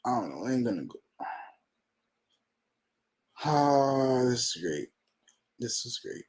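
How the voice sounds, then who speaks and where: Profane excitable man reacting aloud. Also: mid-range voice, slow, pauses often. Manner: profane, excitable, talks to himself while reading. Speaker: manga reaction channel host. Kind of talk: casual reaction commentary.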